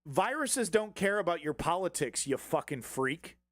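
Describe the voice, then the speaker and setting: Profane sarcastic guy ranting politics, pretty high voice, dead dry sound. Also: big pitch swings, moderate pace, a bit bright, no echo. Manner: sarcastic, swears often, mocks opponents in put-on voices. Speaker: political commentary host.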